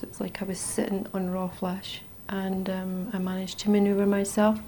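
A middle-aged Scottish woman telling her personal story in a halting, intense way that swings between hushed and raised. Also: medium pitch, monotone, a little hiss or hum. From Scotland. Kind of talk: personal testimony.

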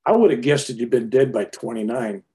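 A blunt, serious male doctor, grave and matter-of-fact, his voice mellow and a touch low, as an older man recounts him in a story. He sounds unhurried and steady. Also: lightly acted.

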